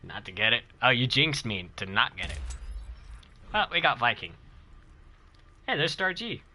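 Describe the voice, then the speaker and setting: A man live-streams a video game, chatting casually and excitedly with viewers and cheering himself on. He's a gaming streamer with a mid-range voice and a moderate pace.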